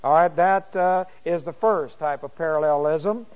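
A middle-aged man teaching a Bible lesson to a class. He reads the verses slowly and deliberately and clears his throat often. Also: a little high, a little mellow, muffled recording.

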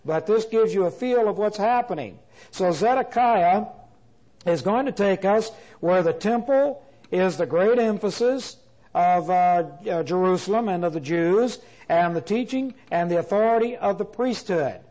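A man teaching a Bible class in a lecture style, deliberate, restating his points with frequent "uh" fillers. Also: high voice, mellow, poor audio.

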